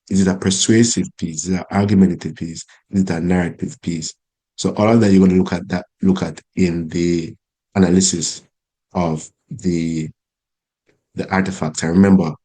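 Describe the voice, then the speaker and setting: A man's voice: sits low, mellow, low-quality recording. A man teaching English, walking through analysis points with rhetorical questions and frequent restarts. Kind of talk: instructional talk.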